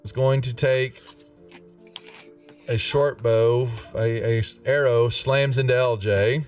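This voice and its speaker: A man's voice: mid-range voice, steady tone, distant mic. A man running a live tabletop game as game master, in a chatty, laugh-prone way. His voice sits in an average register and is heard from a little way off the mic. Faint music plays underneath. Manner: chatty, laughs often, halting with fillers and restarts.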